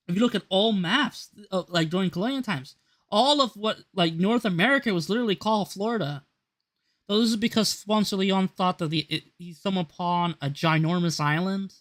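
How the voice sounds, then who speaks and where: A man's voice: high-pitched, fairly bright tone. A man giving rambling, casual commentary over a video he is showing, with many fillers and restarts.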